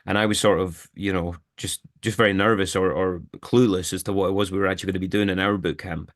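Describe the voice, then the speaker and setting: A man's voice: low voice, fairly even intonation, fast talker, no echo, studio quality. A man, an actor as a guest, chatting casually in an interview, rambling with many restarts and fillers.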